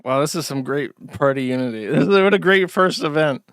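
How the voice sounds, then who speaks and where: A man's voice: on the high side, brisk, heavy background noise. A man hosting a show, giving sarcastic, mocking casual commentary while reacting to a video. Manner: sarcastic, mocking, laughs often. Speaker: streamer host.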